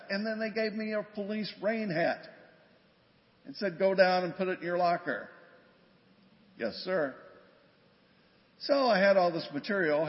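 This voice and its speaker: An older man and former police officer, recounting a story plainly and conversationally in a church talk. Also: high voice. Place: church sanctuary. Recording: dull, long church reverb.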